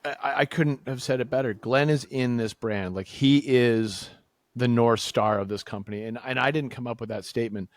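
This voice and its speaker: A man from the tells a story in a relaxed podcast chat. His voice sits in a middle range but jumps up when he acts out what people said. The sound is dry and close. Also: moderate pace, no room sound. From Massachusetts, USA. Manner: animated storyteller, acts out dialogue with big pitch jumps. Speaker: co-founder telling the company story.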